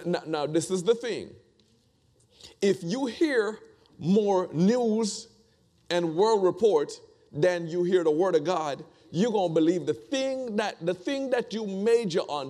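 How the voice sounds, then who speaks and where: High-voiced man preaching. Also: warm tone. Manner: conversational, repetitive, rhetorical questions to the congregation. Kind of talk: sermon.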